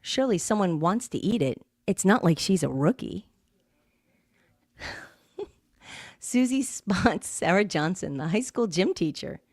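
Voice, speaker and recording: A woman's voice: on the low side, animated, measured pace, long pauses, darkish tone, no echo, clean studio sound. A woman co-hosting a podcast, reading listener-sent comic poems and breaking into laughter often. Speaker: podcast co-host.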